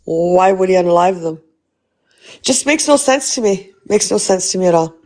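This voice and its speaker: A woman's voice: on the low side, expressive, normal speed, warm tone. A woman hosting a casual livestream, blunt and swearing freely as she asks rhetorical questions. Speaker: livestream host.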